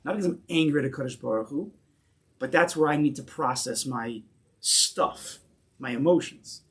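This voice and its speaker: A man's voice: mid-range voice, moderate pace, fairly bright tone. A man teaching a Torah class in English mixed with Hebrew terms, emphatic and repeating key phrases as he builds to a point.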